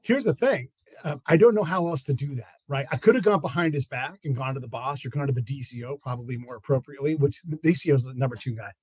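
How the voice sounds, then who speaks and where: A man's voice: mid-range voice, fast talker, husky, dry recording. A man, a guest on an interview show, casually telling stories of his work in Afghanistan and acting out what people said. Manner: animated storyteller acting out quotes. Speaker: guest, former intelligence officer in Afghanistan.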